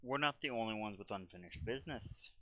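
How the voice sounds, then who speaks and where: A man playing a gruff adventurer giving orders. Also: lowish voice, animated, brisk, pushed and bright, no room sound, voice pushed down. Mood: commanding. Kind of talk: tabletop role-play in character.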